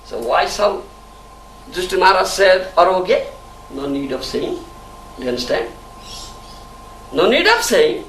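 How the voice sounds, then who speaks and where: A man's voice: high-pitched, sing-song, unhurried, pauses often, a bit bright. A man gives a devotional lecture, often chuckling and asking "you understand?". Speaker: spiritual teacher. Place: temple hall. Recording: echoey hall, distant mic, faint hiss.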